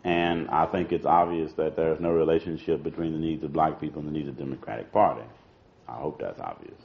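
A man with a very deep, gravelly voice talks fast to an audience about politics in a loose, informal way. He repeats words and leans on "you know" and "see." The recording is a dull lo-fi archival one.

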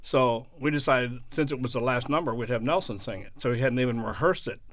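A man as a guest on a radio show, talking casually with fillers and pauses. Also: mid-range voice, a bit bright. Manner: hesitant, with fillers. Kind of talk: casual on-air interview.

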